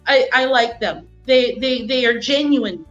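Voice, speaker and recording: A woman's voice: on the high side, unhurried, fairly bright tone, muffled recording, faint music behind. A woman chatting casually on a live stream, telling stories and acting out what people say, laughing often. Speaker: guest.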